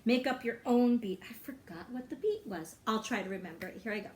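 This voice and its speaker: A woman music teacher with a slightly high voice speaks fairly quickly, bright and encouraging, to young children. Now and then she sings a short greeting song.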